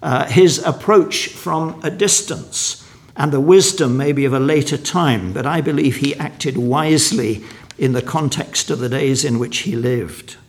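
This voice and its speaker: A man's voice: mid-range voice, unhurried. An older man from England giving a lecture-style sermon at a conference, reading quotations aloud between many restarts and stumbles. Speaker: conference speaker.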